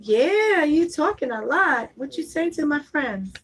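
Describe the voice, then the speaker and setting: High-voiced woman chatting to her baby. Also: very animated, measured pace, a bit bright, rough recording. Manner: coaxing baby talk mixed with chatty asides to viewers. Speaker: vlogger and mother. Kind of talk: casual home vlog chat.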